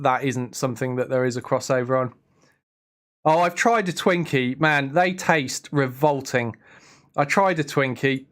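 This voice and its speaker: A man's voice: medium pitch, fairly bright tone. A young man chatting casually on a live stream, rambling and answering his chat. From England.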